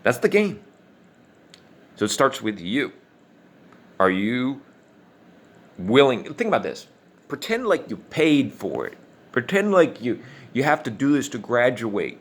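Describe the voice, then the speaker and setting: A man with a fairly low voice rants in an angry monologue. He swears often and hammers his points in a combative, preachy way. He pushes through his lines fast and insistently. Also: fairly bright tone. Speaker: online commentator.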